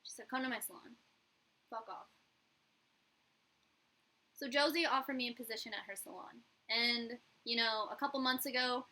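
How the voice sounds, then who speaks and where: A woman's voice: a little high, sharp tone, rough recording. A young woman, a YouTuber and hairstylist, telling a candid, profane story in a casual vlog and acting out the dialogue.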